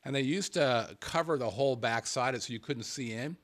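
A man hosting a casual show, chatting and reading viewer emails aloud with lively delivery. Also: medium pitch, moderate pace. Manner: animated, jumps into mock-angry voices when reading. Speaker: show host.

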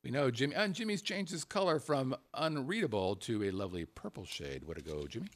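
A man's voice: mid-range voice, very animated, brisk. A middle-aged man hosting a casual live stream, reading out contest entries with crude jokes. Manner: joking, profane, reads names in a sing-song way. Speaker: show host.

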